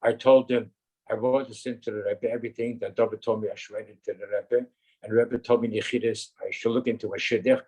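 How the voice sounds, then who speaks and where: A man's voice: mid-range voice, flat delivery, quick pace, darkish tone, husky, rough recording. A man in his eighties from Canada, earnestly reminiscing in an interview with rambling anecdotes. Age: 80s.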